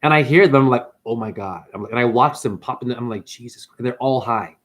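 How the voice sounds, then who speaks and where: A man hosting a livestream, talking in a casual, slangy spiritual monologue and jumping into high mocking voices when he quotes people. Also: fast talker.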